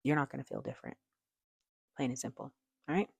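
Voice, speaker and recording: A woman's voice: extremely low pitch, fast, gravelly, breathy edge, dry recording. A woman therapist giving direct, emphatic advice to camera, often checking in with "okay?". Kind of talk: casual advice talk to camera.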